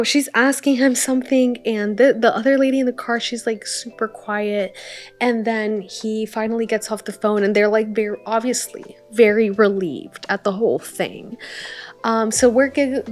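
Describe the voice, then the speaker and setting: A young woman vlogger chatting through a travel story with lots of fillers and animated retellings. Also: fairly high pitch, moderate pace. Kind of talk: casual storytime. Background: soft lo-fi music.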